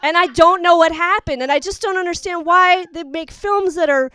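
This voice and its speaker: A woman's voice: extremely high pitch, moderate pace, bright, forceful tone, dry recording. A young woman doing a rambling, exasperated, self-mocking stand-up set. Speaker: stand-up comic. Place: live studio audience.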